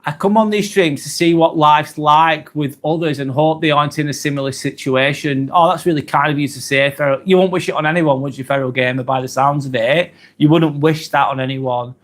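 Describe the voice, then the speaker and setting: A man's voice: a little high, steady tone, a little fast, hardly any pauses. Earnest man in his forties. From England. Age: 40s. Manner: earnest, hesitant, many ums and apologies, occasional swearing. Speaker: live stream host. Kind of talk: casual live-stream chat reading comments.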